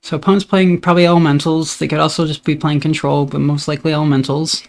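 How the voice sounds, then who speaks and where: A man giving casual commentary on his own card game, thinking aloud about each play in a relaxed, upbeat way. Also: fairly high pitch, fast talker, vocal fry.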